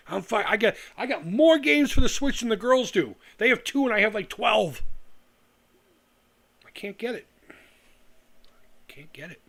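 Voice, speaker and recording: A middle-aged man vents on a live stream with a voice pitched a little higher than most men. He swears freely, turns sarcastic and trips over his own words as he goes. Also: fairly bright tone. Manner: heated, profane, sarcastic, with restarts. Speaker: retro gaming YouTuber on a live stream. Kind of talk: profane ranting live stream monologue.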